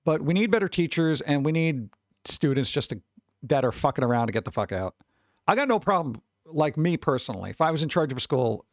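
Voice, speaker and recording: Young adult male streamer, lively and profane, slightly high voice, dry close mic. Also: no echo. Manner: animated, profane, acts out quoted voices. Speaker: streamer host. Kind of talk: casual ranting chat.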